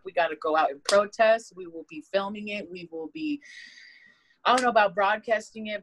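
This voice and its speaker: Low-voiced woman hosting a podcast, swears a lot, super animated, dry close sound. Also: dry recording, low-quality recording. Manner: loud, profane and animated, swings in pitch. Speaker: podcast co-host. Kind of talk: casual podcast chat.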